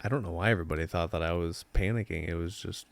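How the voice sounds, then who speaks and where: A young man co-hosts a podcast in casual chat. He speaks haltingly, repeating words and saying "you know" often. His voice is low, smooth and resonant, and the sound is dry and close. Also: dry recording. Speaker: podcast co-host.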